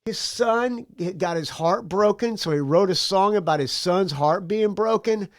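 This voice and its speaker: A man's voice: sits high, a little slow, no room sound, clean studio sound. A man hosting a music podcast, chatting in a loose, rambling, laid-back way while sipping beer. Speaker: podcast host reading music news. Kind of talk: loose, rambling casual chat.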